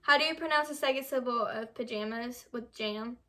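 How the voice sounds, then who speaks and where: Young woman, fairly high voice, reads quiz questions aloud, stumbles over words, casual chat. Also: a little fast, pushed and bright. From United States. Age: young adult. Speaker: vlogger.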